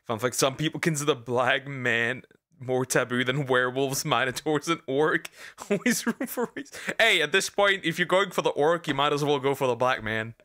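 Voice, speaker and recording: Guy streamer reacting to a vid, bright punchy voice, crude, stumbles over his words a lot. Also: medium pitch, moderate pace. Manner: animated, crude, laughs often, stumbles and repeats words. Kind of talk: casual reaction commentary.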